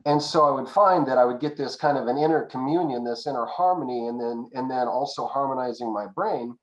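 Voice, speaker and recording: Man, panel guest, measured reflective storytelling, echoey room sound. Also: mid-range voice, muffled recording. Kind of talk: casual personal storytelling.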